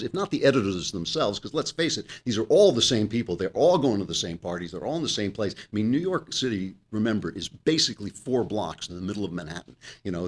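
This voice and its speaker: A man hosting a political commentary monologue, sarcastic, reading news quotes aloud with asides. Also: on the low side. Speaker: host.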